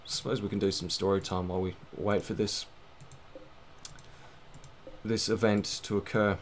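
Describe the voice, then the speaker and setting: A man's voice: lowish voice, flat delivery, moderate pace, a little hiss or hum. A man giving casual, rambling, self-mocking commentary while playing a game, swearing now and then. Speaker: gaming let's-play host.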